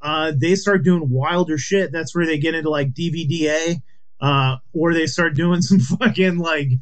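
A man's voice: on the high side, moderate pace. A man co-hosting a podcast in crude, rambling casual chat, blunt and full of swearing and fillers. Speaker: podcast co-host.

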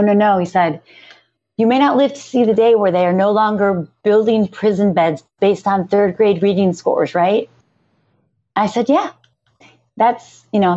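A woman's voice: mid-range voice, darkish tone. Earnest woman, slightly muffled audio. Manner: earnest, tearful, halting restarts. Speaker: literacy nonprofit founder, guest. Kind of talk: emotional podcast interview.

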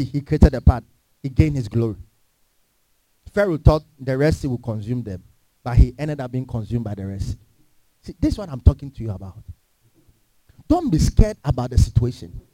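A male pastor delivers an emphatic sermon, firing rhetorical questions at his congregation. His voice sits high and swings widely up and down, with a mellow, dark tone. The sound is dry and close. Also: dry recording. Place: church.

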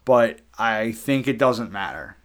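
A man's voice: fairly low pitch, expressive, slow, fairly bright tone. A man co-hosting a podcast in casual chat, earnestly retelling scenes from a book. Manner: earnest, retells scenes with quoted lines, chuckles. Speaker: podcast co-host.

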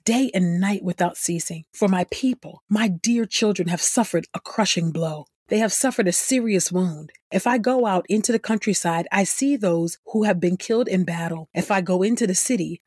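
Female scripture reader, husky mid-pitch voice, earnest, close dry studio sound. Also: darkish tone, no room sound.

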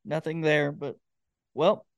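Male guest, slightly high voice, halting casual talk. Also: level tone, vocal fry, clear, resonant tone, dry recording, studio quality. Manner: halting, restarts often, laughs easily. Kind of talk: casual chat.

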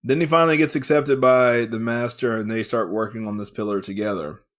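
A man's voice: mid-range voice, fairly even intonation, brisk. A man co-hosting a podcast, chatting casually about a comic book, swearing, laughing often and acting out the characters' lines. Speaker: podcast co-host.

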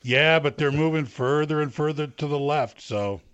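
A man's voice: on the high side, moderate pace, a bit bright, smooth, no room sound, muffled recording. A man chatting as a guest radio co-host, adding matter-of-fact asides. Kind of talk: casual chat.

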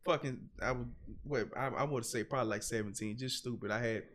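A man with a drawl tells a story on a podcast as a guest, in a casual, unpolished way. He rambles with plenty of "you know" and "man" and swears freely. His voice sits at an ordinary middle pitch. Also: fairly quick, a bit bright. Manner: candid, rambling, profane, with frequent fillers.

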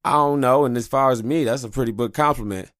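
With a mid-range, fairly bright voice and a fast delivery, a podcast host rambles candidly and curses a lot. The recording is dry and of studio quality.

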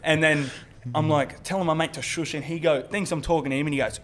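A man's voice: on the high side, fairly even intonation, fast talker, a bit bright. A young Australian man, a comedian guest, telling crude party stories in a casual podcast chat, swearing and laughing, scattered after a big weekend. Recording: noisy podcast recording.

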